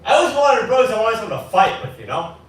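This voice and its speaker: A man's voice: sits high, big pitch swings, fast talker. A man in his twenties doing a rambling, self-deprecating stand-up set at an open mic. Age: 20s. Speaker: stand-up comic. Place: small bar with live audience. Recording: very echoey room from far off.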